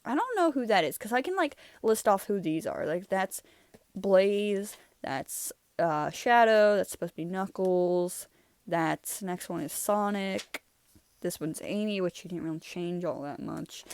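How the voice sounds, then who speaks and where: A woman's voice: medium pitch, animated, a little slow, a little mellow, no echo. A young woman hosting her channel, chatting casually and rambling through her old drawings, laughing often. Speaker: channel host. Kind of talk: casual art review chat.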